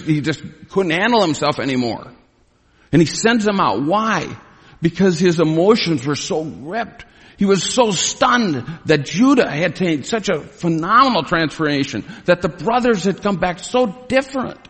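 A man teaching through a Bible passage as a sermon, emphatic and rising in pitch when he retells the drama of a scene. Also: expressive, normal speed, fairly bright tone, breathy edge. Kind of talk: expository sermon. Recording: long reverb of a large hall.

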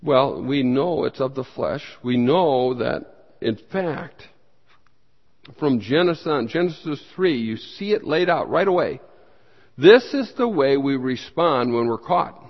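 A man's voice: animated, unhurried. A man preaching as a pastor, teaching a Bible study with emphatic bursts and questions that he puts to the room and then answers himself. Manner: emphatic, with sudden rises in pitch and loudness. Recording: dull sound with long hall reverb.

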